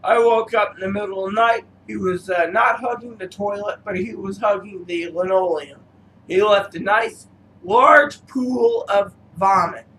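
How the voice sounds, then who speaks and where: High, bright-voiced man rambling through stories. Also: slight background noise, low-quality recording. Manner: meandering, halting, full of fillers. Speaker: cigar reviewer. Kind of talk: rambling personal storytelling.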